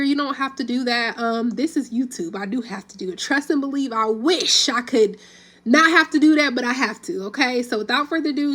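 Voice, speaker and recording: A woman host talks straight to her viewers in relaxed, chatty commentary. Her voice sits a little high, and she addresses the audience directly. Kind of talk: casual commentary.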